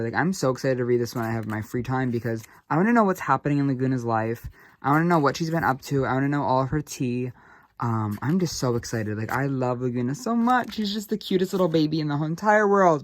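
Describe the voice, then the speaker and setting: A young man giving a casual doll unboxing review, excitable and gushing, with lots of fillers. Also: medium pitch, no room sound.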